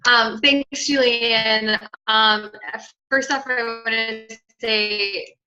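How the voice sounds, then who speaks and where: A woman speaking as a guest coach on a video call, telling her own story in a conversational way with frequent pauses. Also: on the high side, fairly even intonation, bright, forceful tone, faint music behind. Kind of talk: personal story on a team call. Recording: dull lo-fi video call audio.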